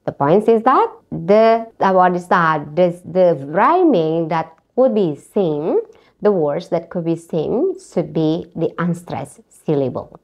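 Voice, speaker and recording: A woman, a native Indonesian speaker, giving a recorded online university lecture in English, often checking with her students by asking "right?". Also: takes it slowly. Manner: lively, rising pitch on questions, frequent "right?" checks. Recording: dull, lo-fi recording.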